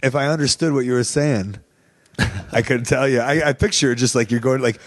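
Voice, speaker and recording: A man's voice: medium pitch, no room sound. Rambling, laughing male podcast host. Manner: rambling, laughs often, halting restarts. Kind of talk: casual podcast conversation.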